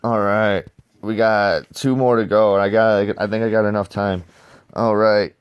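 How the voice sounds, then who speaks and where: A man's voice: on the low side, flat delivery, measured pace, clear, resonant tone, no room sound, muffled recording. A man casually reviewing comics in rambling, slangy talk, throwing in "dude" and swearing freely.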